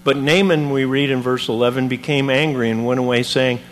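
A man preaching a sermon, retelling a Bible story in an animated, conversational way with modern comparisons. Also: mid-range voice, fairly quick, hardly any pauses.

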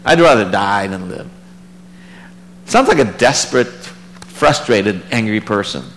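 A man's voice: measured pace, a little hiss or hum, low-quality recording. Conversational man preaching through scripture. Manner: reads scripture then comments conversationally; animated, rises in pitch and volume for emphasis. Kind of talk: Bible study sermon.

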